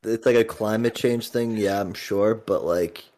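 A man's voice: fairly low pitch, a little slow, a little mellow. A man chatting casually, rambling with lots of filler words. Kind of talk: casual chat.

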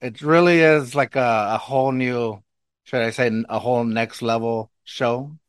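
Excitable rambling podcast host with Mexican accent. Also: male voice, medium pitch, measured pace, clean tone, no room sound, clean studio sound. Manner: excitable and rambling, laughs often, restarts sentences. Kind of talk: casual podcast chat.

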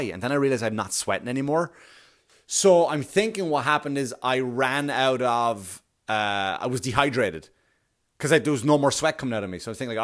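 A man telling a story in a casual monologue, animated and self-mocking, with a lot of swearing. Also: medium pitch, normal speed.

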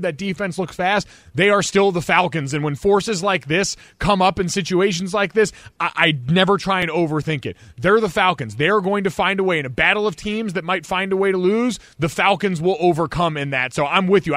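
Bright, high-voiced male radio host. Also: no room sound, studio quality. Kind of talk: sports radio talk show.

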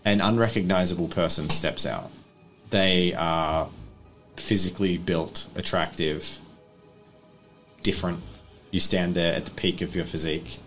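A man narrating as game master of a tabletop role-playing game, with steady, descriptive narration. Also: deep voice, measured pace, pauses often, faint music behind.

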